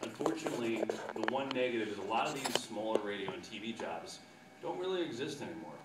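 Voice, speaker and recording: A man, a sportscaster, giving an animated storytelling talk to students and acting out quotes with loud bursts. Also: on the low side, quick pace. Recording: echoey room, distant mic, background noise.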